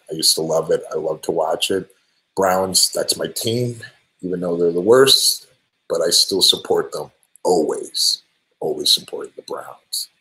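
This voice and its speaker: Man, very low voice, live Q&A, friendly, thanks fans by name, halting with ums. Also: poor audio. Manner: relaxed, hesitant, many ums and restarts. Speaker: band singer answering fan questions. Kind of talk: live stream Q&A.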